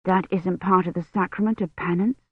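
A woman's voice: on the low side, steady tone, fairly quick, husky, dry recording. A reader voicing a feverish young woman historian with a sore throat, frightened and confused. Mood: weak, frightened. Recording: dry tinny phone-like audio.

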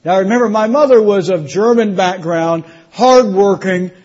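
A middle-aged man delivers a sermon testimony, stumbling over restarts and then lifting his voice for emphasis. His voice sits high and sounds husky. The recording is dull and muffled. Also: normal speed, darkish tone. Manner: storytelling with restarts, rising emphasis. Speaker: preacher.

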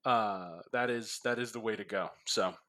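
A man hosting a casual sports chat, laughing often and tossing in quick asides. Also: fairly low pitch, fairly bright tone. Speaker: host.

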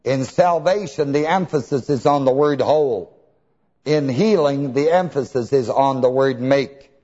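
A man with a mid-range, mellow voice speaks a little slowly as he preaches. He poses fill-in-the-word questions to the congregation and spells terms letter by letter; the recording is dull and lo-fi with a long hall reverb.

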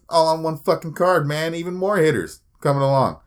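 A man's voice: on the high side, expressive, fairly quick, few pauses. A man co-hosting a podcast, joking crudely about fighting in casual chat. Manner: crude, joking, slips into mock voices. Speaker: podcast co-host.

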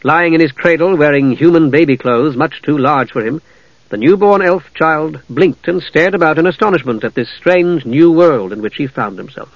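A man narrating a fantasy audiobook in a measured, even storytelling voice. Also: on the high side, no echo. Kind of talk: scripted narration. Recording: dull lo-fi dry audio.

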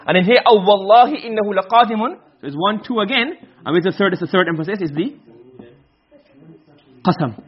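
A man with a high, slightly husky voice teaches a class at a fast clip. He keeps stopping to check that his students understand. The recording sounds dull and lo-fi. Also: lively intonation. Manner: quick explanations with frequent checks for understanding. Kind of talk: classroom lesson.

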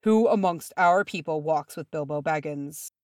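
A woman reading a gentle older dwarf lord. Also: deep voice, normal speed, no echo, studio quality, natural voice. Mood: steady. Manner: gentle, steady.

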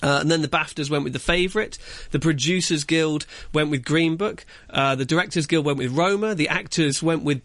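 A man chats about films as a radio guest, talking into a studio microphone. His voice sits fairly high and the sound is close and dry, and he rambles with plenty of fillers and restarts. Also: brisk, hardly any pauses, a bit bright, no echo. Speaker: film pundit guest. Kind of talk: casual radio chat.

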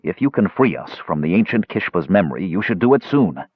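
A stern male half-elf warrior, as a male narrator voices him, firm and demanding in a low, husky voice. The recording is dry and slightly dull. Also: big pitch swings, fairly quick, no room sound, full character voice.

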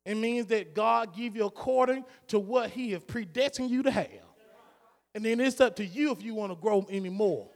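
A man with a high-sitting voice preaches a sermon as a pastor, speaking at a moderate pace. His delivery is rhythmic and repetitive in a preaching style, with fervor that keeps rising. The recording carries a long hall reverb.

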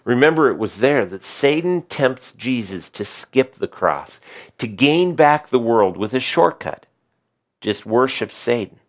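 A middle-aged man preaching a sermon as pastor, rising on key lines and dropping to quiet asides. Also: medium pitch, sing-song, unhurried.

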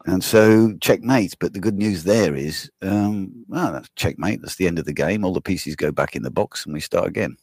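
Deep gravelly man rambling casually. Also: moderate pace, few pauses, a little mellow, no echo, clean studio sound. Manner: rambling, swears casually, laughs often. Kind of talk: casual conversation.

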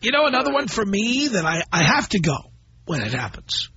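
A middle-aged man hosting a call-in radio show, blunt and animated as he tells stories to his listeners. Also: high voice, fairly quick, husky. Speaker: radio talk show host. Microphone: studio microphone. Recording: dull broadcast audio.

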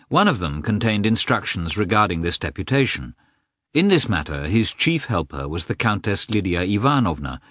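A man narrating an audiobook in an expressive, measured reading. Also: lowish voice, no room sound, studio quality. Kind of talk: scripted narration.

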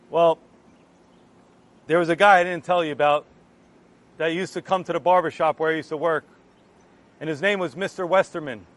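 A man with a noticeably high voice shares his personal testimony. He tells it with earnest, animated energy, slipping into the voices of the people in his story as he goes. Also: no echo. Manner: earnest, animated retelling that acts out remembered exchanges. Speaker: Christian giving a testimony.

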